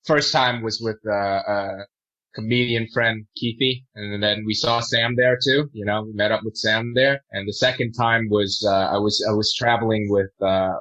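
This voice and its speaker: A man's voice: lowish voice, steady tone, moderate pace, bright, forceful tone. Young man, crude storyteller, laughs a lot, dull lo-fi audio. Casual chat. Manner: crude, joking, laughs often. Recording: dull lo-fi sound.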